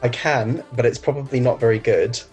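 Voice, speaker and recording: A man's voice: mid-range voice, a little fast, lo-fi sound, soft background music. A British man answering questions as a native-speaker guest in a casual interview, thoughtful and easygoing, with frequent ums. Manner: relaxed, thoughtful, many ums, laughs easily.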